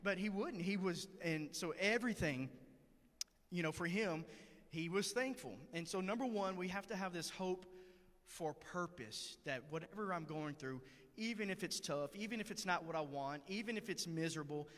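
A man's voice: sits high, expressive, moderate pace, a bit bright. A man preaching a sermon in church, telling a story in a conversational, earnest way. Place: church sanctuary. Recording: long hall reverb.

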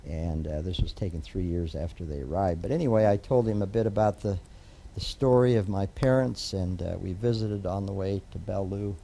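Here an older American judge, interviewed for an oral history, winds through a long family tale full of fillers and restarts. His low, creaky, warm voice moves at normal speed with fairly even intonation and hardly any pauses.

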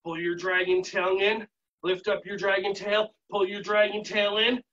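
A man teaching a live online yoga warm-up to teachers, coaching with playful, upbeat cues. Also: high voice, little pitch movement, moderate pace, dull audio. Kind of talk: live virtual workshop instruction. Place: home setting.

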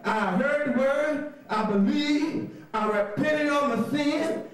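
A man teaching a call-and-response Bible lesson, often shouting, laughing, and spelling words out letter by letter. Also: extremely high pitch, slow, recorded from a distance. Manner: laughs often, coaxing the class to repeat. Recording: very echoey room.

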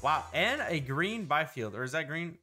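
An excitable man hosts a hockey card-opening video, rattling off player names quickly and breaking into exclamations. His voice is bright and forceful, a little high for a man, and the commentary is casual.

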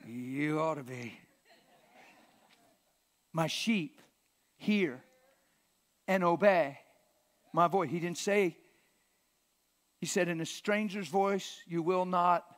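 A man preaching a sermon in a church, emphatic and impassioned, sometimes shouting and sometimes dropping almost to a whisper. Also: high-pitched, takes it slowly, long pauses.

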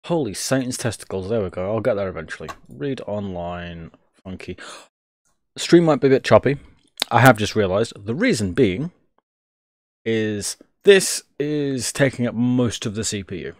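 A man's voice: on the low side, animated, normal speed, no room sound, clean studio sound. A young man streaming live, joking, swearing freely and thinking aloud as he works. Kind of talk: casual live-stream commentary.

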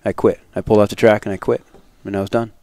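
A man's voice: on the low side, little pitch movement, racing, warm tone, no room sound. A man in his forties, a retired motocross racer, telling stories in a casual interview, acting out quoted dialogue and laughing often.

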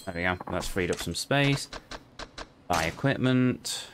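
A man's voice: low-pitched, lively intonation, unhurried, background noise. A man casually commenting while playing a game, muttering to himself with dry jokes. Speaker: let's play host.

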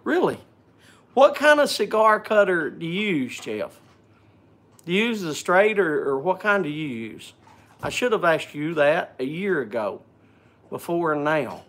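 A man's voice: fairly high pitch, very animated, a little slow, a bit bright. A man hosting a casual live stream, joking and chatting, greeting viewers by name, often repeating and stumbling over words.

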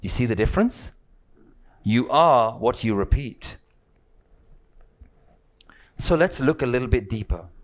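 A male spiritual teacher speaks to a live group in an unhurried, deliberate way. His voice sits in a middle range, and he builds his points through repeated phrases and questions put to his listeners. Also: medium pitch, expressive. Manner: slow, questioning, repetitive phrasing; rhetorical questions to the audience.

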